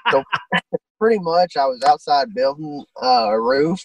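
A young man in his twenties with a very gravelly, high voice that swings up and down a lot. He talks bluntly and crudely in a relaxed interview chat. He sits well back from the microphone in a dry room. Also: measured pace, no echo, recorded from a distance, low-quality recording. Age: 20s. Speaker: guest fighter.

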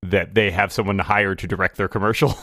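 A man's voice: low voice, steady tone, fairly quick, fairly bright tone, dry recording, clean studio sound. Rambling man chatting on a podcast. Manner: rambling, laughs often, many fillers. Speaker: podcast co-host. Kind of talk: casual tech podcast chat.

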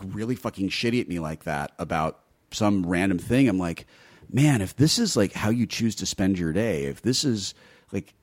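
A middle-aged man telling stories in casual chat, candid and profane, laughing often. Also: on the low side. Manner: candid storyteller, swears freely, laughs often.

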